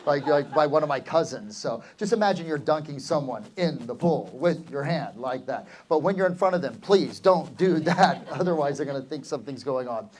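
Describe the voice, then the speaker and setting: A middle-aged man leads a live seminar with real estate agents, speaking in an energetic coaching tone. He keeps turning to the crowd with quick questions and calls for answers. His voice sits a little higher than most men's. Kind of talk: live seminar talk to an audience.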